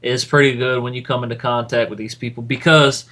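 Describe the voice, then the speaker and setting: A man's voice: medium pitch, fairly even intonation, a little fast, pushed and bright. A man co-hosting a casual political podcast, earnest and repeating himself for emphasis. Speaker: podcast co-host.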